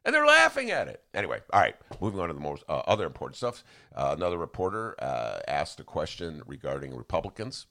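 A man's voice: a bass voice, expressive, quick pace, hardly any pauses. A man hosting a podcast in casual political chat. He rambles and restarts often, and he acts out quotes with big swings in his voice. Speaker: podcast host.

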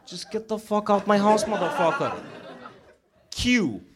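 Comic putting on an enraged, foul-mouthed man, high and swinging wildly, noisy live-club audio. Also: big pitch swings, measured pace, a crowd in the background. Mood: furious. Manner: shouted, profane, repetitive chant. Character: furious man yelling someone out of his house. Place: comedy club stage.

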